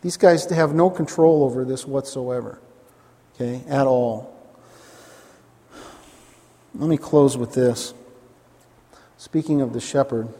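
A man's voice: mid-range voice, darkish tone, in a large hall. A man preaching a sermon, emphatic, repeating key phrases and asking his listeners questions.

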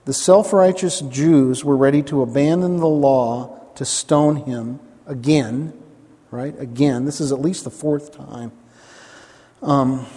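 A man's voice: on the high side, mellow, big-room sound. A man preaching a sermon, emphatic, repeating key phrases and asking his listeners questions.

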